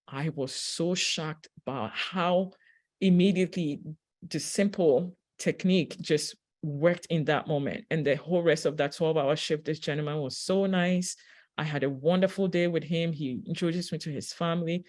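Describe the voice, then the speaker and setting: A woman giving a reflective spiritual talk, telling a personal story in a gentle, unhurried way with pauses and fillers. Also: low voice. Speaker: spiritual teacher; registered nurse.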